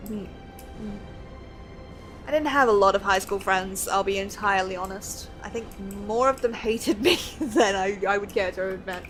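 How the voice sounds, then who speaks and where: A woman's voice: medium pitch, moderate pace, fairly bright tone. A young woman streaming a game, chatting casually and rambling, laughing often. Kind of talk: casual gameplay chat. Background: faint game music.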